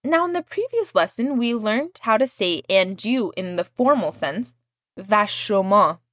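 Lively, patient woman teaching a language. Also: medium pitch, measured pace, no room sound, clean studio sound. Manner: patient, explains and drills phrases. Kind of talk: language lesson.

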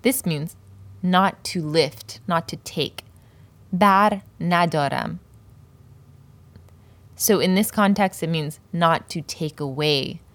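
A woman teaching a Persian poetry lesson, explaining words slowly and carefully pronouncing each example. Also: low-pitched, no room sound.

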